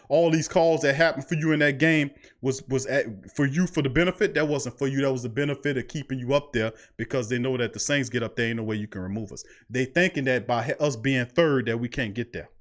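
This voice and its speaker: A man hosting a sports podcast at his mic, preaching his points and repeating phrases for emphasis. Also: medium pitch. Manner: preachy, repeats phrases, heavy Southern US slang. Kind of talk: fired-up sports talk. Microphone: studio mic.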